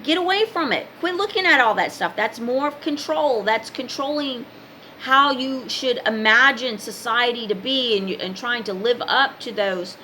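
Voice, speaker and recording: A woman's voice: on the high side, normal speed, sharp tone, slight background noise, low-quality recording. A woman talking casually to her viewers, giving spiritual advice in an emphatic, preachy way with many repeated commands. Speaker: spiritual advice vlogger and card reader.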